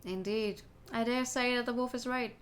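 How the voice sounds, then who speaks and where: A woman's voice: on the high side, fairly even intonation, normal speed, a little hiss or hum, close to an everyday voice. Woman reading as suave fox detective Vulpes. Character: suave male fox private investigator.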